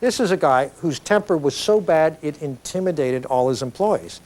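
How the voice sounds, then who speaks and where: A middle-aged man giving an educational video lecture, explaining ideas in a conversational, animated storytelling way with frequent tag questions. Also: a little high, normal speed.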